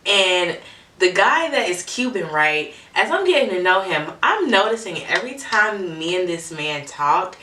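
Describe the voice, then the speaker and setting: A young woman from Metro Atlanta tells a candid, chatty story, often checking in with "right?" and swearing now and then. Her voice sits low but has a bright, forceful edge. She sounds a little away from the mic, in a roomy space. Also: far from the mic. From Metro Atlanta, Georgia. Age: young adult. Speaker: vlogger. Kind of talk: casual storytime.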